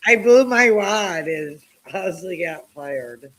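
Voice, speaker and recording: A woman co-hosts a podcast and talks very slowly. She drawls her words, giggles, and reacts to the others' stories. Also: fairly low pitch, lively intonation, fairly bright tone, poor audio. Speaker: podcast co-host. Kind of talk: casual chat.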